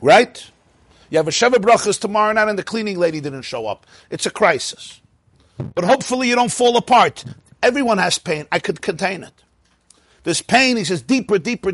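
A man leads a Chasidic text class in a slightly high, husky voice. He chants Hebrew lines in a sing-song and breaks into lively explanations, recorded close and dry. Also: moderate pace, no echo. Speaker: Torah teacher.

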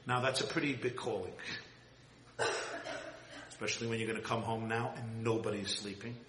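A man giving an impassioned sermon, swinging from loud high cries to hushed low tones. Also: fairly even intonation, moderate pace, slight background noise. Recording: roomy hall with long reverb.

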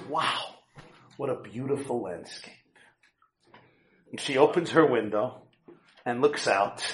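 A man telling a story to a live audience, acting out the people in it and joking with the listeners. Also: medium pitch. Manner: animated storyteller, acts out quoted voices, jokes with the crowd. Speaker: speaker giving a talk.

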